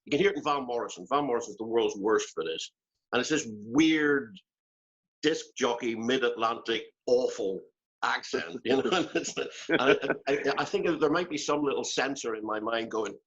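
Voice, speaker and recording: A man's voice: mid-range voice, moderate pace, a bit bright. An older man with a Northern Irish accent, rambling and self-deprecating as he chats and laughs in a video-call interview. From Northern Ireland. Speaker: guest musician. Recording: dull lo-fi call audio.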